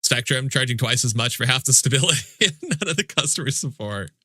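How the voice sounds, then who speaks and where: Brisk and lively in intonation, this livestreamer's medium-pitched voice comes across pushed, bright, and slightly rough. He swears freely and jokingly complains in mock indignation as he chats with viewers over a game, all in clean studio sound with no room sound.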